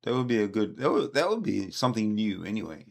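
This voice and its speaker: Low gravelly man, halting. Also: sing-song. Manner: halting, hesitant, many restarts. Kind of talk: live stream commentary.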